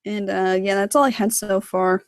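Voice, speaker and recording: A woman's voice: medium pitch, flat delivery, normal speed, no room sound. A woman giving a casual livestream tutorial on her animation work, rambling with lots of fillers. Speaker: hobby sprite animator.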